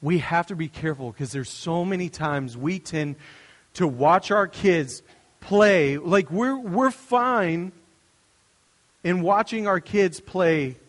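A young adult male pastor delivers a conversational, story-driven sermon, full of restarts and asides. His voice is on the high side, trailed by a long reverb tail.

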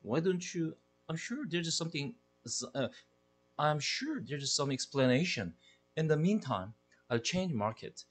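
A man's voice: fairly high pitch, sing-song, unhurried, slight background noise, voice pushed up. A man putting on a cooing, doting mom. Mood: gentle. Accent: Korean. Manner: cooing, sing-song. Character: fussy doting mother of the household.

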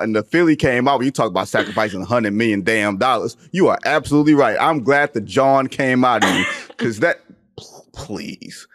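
A man's voice: mid-range voice, a little fast, a bit bright, dry recording, clean studio sound. A man in his forties hosting a casual sports podcast, emphatic and joking, slipping into slang.

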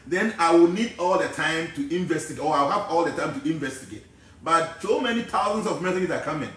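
A man with a Ghanaian accent, giving an animated, preachy talk that wanders from point to point. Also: fairly high pitch, a little fast, heavy reverb, recorded from a distance. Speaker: spiritual teacher. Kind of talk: casual talk mixing English and Twi.

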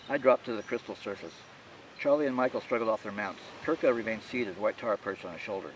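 A male author narrates his own novel in a steady, measured reading. His voice sits in a middle range. The mic is a bit distant with faint noise underneath. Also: medium pitch. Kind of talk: audiobook narration.

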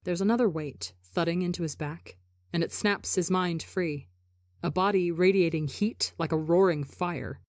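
A woman reading a story aloud for a podcast, measured and expressive. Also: fairly low pitch, no echo, studio quality. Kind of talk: audiobook narration of fan fiction.

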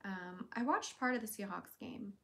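An expressive woman speaking at a moderate pace runs a casual livestream, reading viewers' comments aloud playfully and chattily. To call her cat, she jumps up into a high baby voice.

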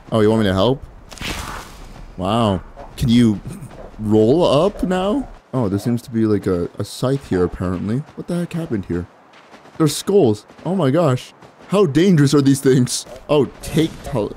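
Brief: gaming host, playful and jokey, mellow voice, light music underneath. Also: male voice, medium pitch. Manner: playful, jokey, quick reactions and exclamations. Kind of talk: casual gameplay commentary.

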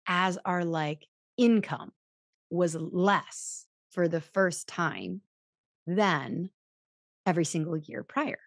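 A woman's voice: fairly low pitch, no room sound, clean studio sound. A woman chiropractor hosting a podcast, talking through business advice in a chatty, self-mocking way and acting out the voices she quotes. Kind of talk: casual advice talk.

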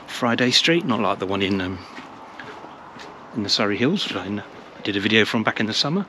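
An English travel vlogger films himself walking outdoors through a village, narrating casually with traffic rumbling behind him. He's brisk and chatty, with lively intonation and a sharp tone, rambling and repeating words.

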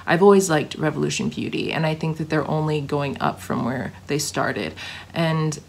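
A woman reviewing makeup products in casual, gushing chat, her voice a little hoarse because she is getting sick. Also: low voice, normal speed. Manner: gushing, chatty, restarts often. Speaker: beauty vlogger.

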